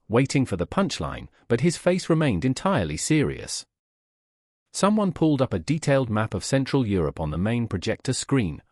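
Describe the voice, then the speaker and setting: A man's voice: mid-range voice, darkish tone, husky, no echo, clean studio sound. A man narrating scripted anecdotes in a wry storytelling manner.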